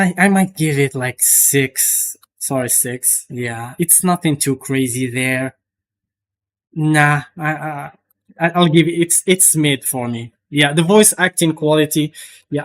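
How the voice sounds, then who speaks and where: A young man streaming live, chatting casually and rambling, with lots of restarts and swearing. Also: a little high.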